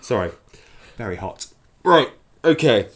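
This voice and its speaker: A man's voice: mid-range voice, sing-song, a little slow. A man hosting a casual home podcast, rambling and self-deprecating, whose speech is slightly altered by a dental brace. He records in a hot upstairs home office. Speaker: podcast host. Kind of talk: casual chat.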